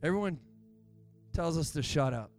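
Soft background music plays under a pastor's sermon as he speaks at a moderate pace, his voice on the high side with lively intonation. He preaches with mounting intensity in church, narrating stories and acting out what people in them said.

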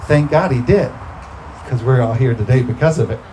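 A man's voice: medium pitch, moderate pace, dark tone, a little hiss or hum, rough recording. A man preaching a sermon, talking through scripture in a conversational way and breaking into emphatic bursts.

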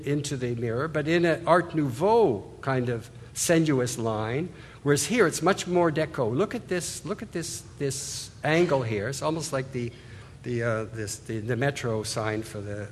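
A man with a husky, fairly high voice gives an art history lecture, speaking loosely, pointing things out on slides, and often restarting his phrases. The hall adds reverb, and there's slight background noise.

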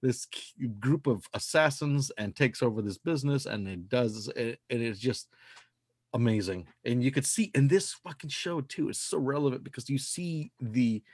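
A man's voice: medium pitch, normal speed, darkish tone, slightly rough, no echo, studio quality. A man hosting a podcast in casual, loose chat, joking and swearing freely. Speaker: podcast host.

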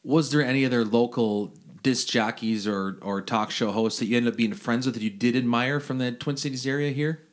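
A man with a mid-range voice asks halting interview questions. He builds them loosely and keeps the tone casual. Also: mid-range voice.

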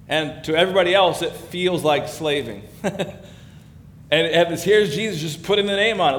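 A man giving a sermon as pastor, talking conversationally and building in emphasis. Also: normal speed. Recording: echoey hall with faint background rumble.

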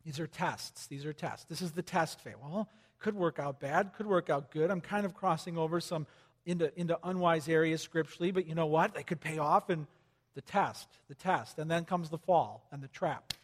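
A man preaching a sermon to a congregation, talking conversationally and animatedly, with sudden loud emphasis and quiet drops. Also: on the high side, steady tone, a little fast. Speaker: pastor. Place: church hall with congregation. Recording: long hall reverb.

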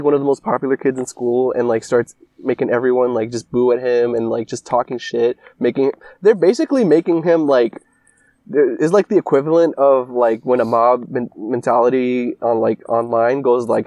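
A man's voice: mid-range voice, moderate pace, warm tone, dry recording. A young man in casual chat, rambling and swearing through a story recap full of filler words. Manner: rambling, profane, lots of filler "like".

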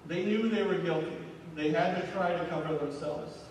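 A high-voiced man preaches in a loose, conversational way, often tagging "right?" onto his lines. He sounds distant from the mic, with heavy hall reverb and a faint hiss behind him. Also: normal speed, darkish tone. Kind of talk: sermon. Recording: echoey hall from far off with faint noise.

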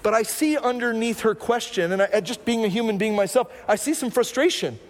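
A man's voice: high voice, a little fast, big-room sound. A male pastor preaching a sermon, repeating phrases and tossing in "right?" asides.

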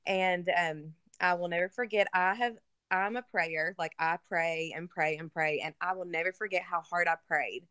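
A woman's voice: lowish voice, moderate pace, fairly bright tone, smooth, dry recording. Woman earnestly telling a personal story. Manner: casual, filler-heavy, earnest. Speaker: interview guest. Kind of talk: emotional personal story in conversation. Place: lives in Kentucky.

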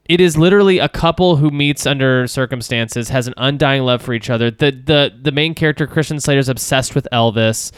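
A man on a casual film podcast, talking in an animated, rambling way with plenty of fillers and restarts. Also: mid-range voice, fairly quick, hardly any pauses, smooth, no room sound, clean studio sound. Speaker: podcast co-host.

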